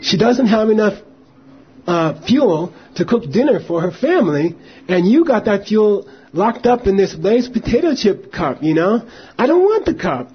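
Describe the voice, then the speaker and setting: A middle-aged man with a very husky, breathy voice pitched fairly high talks earnestly as a Buddhist teacher addressing listeners. He keeps checking in with them as he goes. The recording is dull and lo-fi. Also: lively intonation, a little slow. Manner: earnest, repeats "you know" and "right". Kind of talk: informal talk to an audience.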